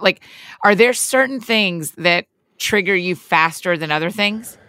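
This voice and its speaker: Bright-toned woman, teasing and chatty. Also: lowish voice, lively intonation, unhurried, smooth, no echo, clean studio sound. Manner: teasing, frequent short agreements. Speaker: podcast co-host. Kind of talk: casual chat.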